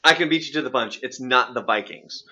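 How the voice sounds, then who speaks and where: A man's voice: medium pitch, brisk, bright, forceful tone, dull audio. A man from Oregon hosting a radio show, teasingly quizzing his co-host in casual banter. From Oregon, USA. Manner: playful, teasing quizmaster.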